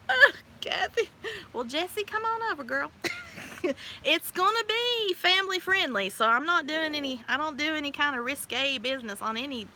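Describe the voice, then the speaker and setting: Chatty woman in her forties hosting a live stream, bright and high, laughs a lot, faint breeze behind her. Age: 40s. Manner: bubbly, chatty, laughs often. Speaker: livestream host. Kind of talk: casual live-stream chat. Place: outdoors by a pool on a windy day. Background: wind gusts.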